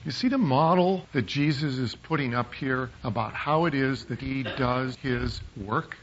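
A man preaching a sermon as a pastor, animated, acting out quoted voices for humor. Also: mid-range voice, unhurried, hardly any pauses. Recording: muffled lo-fi sound.

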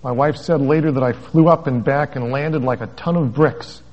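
Wry pastor reading a story aloud. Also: male voice, mid-range voice, moderate pace, darkish tone. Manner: storytelling with wry asides, chuckling. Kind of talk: sermon with a read-aloud story. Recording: dull lo-fi recording.

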